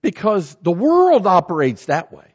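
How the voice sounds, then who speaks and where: A man preaching a sermon as a pastor, animated and acting out everyday scenes in shifting voices. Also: high-pitched, measured pace, breathy edge, muffled recording.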